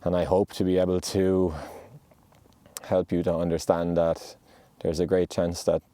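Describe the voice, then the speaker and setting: A man giving a heartfelt, motivational monologue outdoors on a mountainside. He speaks in an earnest, gentle and reassuring way. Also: deep voice, little pitch movement, a little slow, no echo. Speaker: podcast host.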